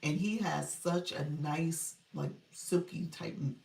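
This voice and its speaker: A middle-aged woman takes it slowly as she chats casually on a live stream as a coach, reading comments from viewers out loud and laughing often. Her voice is low and darkish with vocal fry, and a child can be heard in her room at home. She is far from the mic, so the livestream audio sounds roomy.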